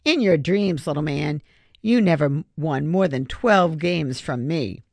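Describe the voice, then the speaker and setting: A narrator voicing a gruff, suspicious retired miner in his old age, growling his lines. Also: medium pitch, animated, unhurried, a little mellow, dry recording.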